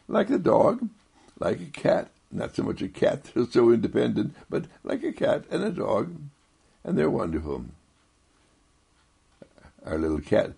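A man giving a gentle inspirational monologue, soft-spoken and rambling, repeating himself and chuckling often. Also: creaky, breathy edge. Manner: swoops high when quoting others.

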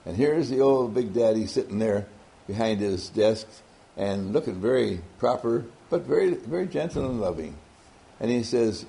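A man's voice: lowish voice, moderate pace, vocal fry, mellow, rough recording. A man giving a motivational talk, telling a story animatedly and often laughing. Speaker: motivational speaker.

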